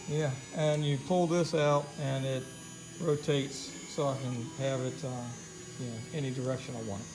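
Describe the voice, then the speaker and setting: A man showing off his homemade workshop build in a casual, folksy, excitable way, chatting to his dog as he films on a handheld camera. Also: medium pitch, moderate pace, background noise. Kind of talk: casual workshop demo vlog. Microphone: handheld camera mic.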